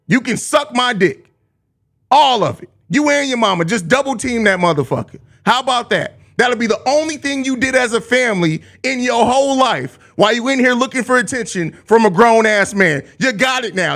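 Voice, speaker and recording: A man's voice: very high voice, a bit bright. A young man hosting a live postgame show, talking casually, laughing often and launching into profane, repetitive trash talk at a viewer. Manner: repeats himself, laughs often. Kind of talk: casual live-stream chat, reading viewer comments.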